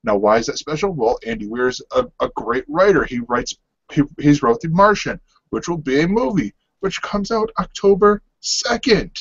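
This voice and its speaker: A man's voice: on the high side, lively intonation, moderate pace, slightly rough, no echo. Rambling male podcast co-host, lo-fi. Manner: rambling, restarts often, laughs easily. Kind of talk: casual podcast chat. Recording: dull lo-fi dry sound.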